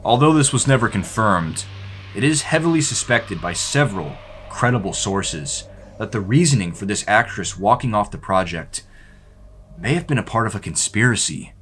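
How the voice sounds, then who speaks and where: A man narrating a behind-the-scenes film in a deadpan, mock-ominous documentary style. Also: fairly low pitch, normal speed, a little hiss or hum.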